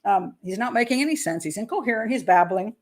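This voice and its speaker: Woman reading a true crime book out loud, stops to comment in a loose chatty way, acts out the quotes. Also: mid-range voice, animated, quick pace. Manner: chatty asides with restarts between read passages; dramatizes quoted lines. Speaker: criminal profiler host.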